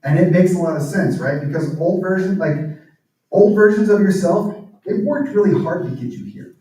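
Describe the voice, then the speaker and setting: A man with a mellow, slightly high voice gives an earnest, reflective church talk and sometimes sinks to a near-whisper. He sounds far from the microphone. Heavy echo fills the hall around him. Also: animated, normal speed. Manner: earnest, drops to near-whispers on emotional points. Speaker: guest speaker and author. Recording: very echoey room, speaker far from mic.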